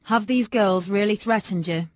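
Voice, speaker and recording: A woman voicing a calm, measured father who questions his daughter carefully. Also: mid-range voice, no room sound, clean studio sound, lightly acted. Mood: gently probing. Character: stern caring middle-aged father.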